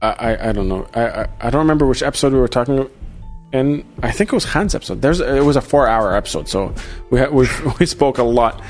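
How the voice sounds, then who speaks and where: Male podcast host from Australia, mid-pitched, casual and stumbling. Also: fast. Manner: relaxed, chatty, stumbles on restarts. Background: faint music.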